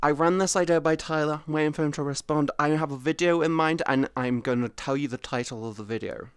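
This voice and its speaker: A young woman chatting casually to her stream audience, expressive and excitable, swearing freely. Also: low voice, quick pace, clear, resonant tone, dry recording, clean studio sound. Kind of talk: casual live-stream chat.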